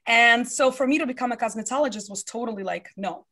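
A woman in her thirties from the USA, a business founder telling her life story in an interview, animated and acting out what people said. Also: fairly high pitch, fast. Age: 30s.

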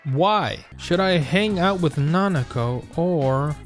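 A man's voice: a little high, measured pace. A young man giving comedic commentary while playing a video game, often reading the game's lines aloud in silly voices. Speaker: gaming YouTuber. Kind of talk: comedic let's-play commentary. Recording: game music underneath. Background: faint game music.

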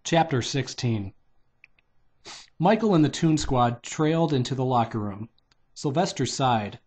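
A man's voice: medium pitch, measured pace, darkish tone, breathy edge. A man reading a children's novelization aloud in a loose, unpolished way, stopping to redo lines. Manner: loose, unpolished delivery with restarts and "take two" retakes. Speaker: reader.

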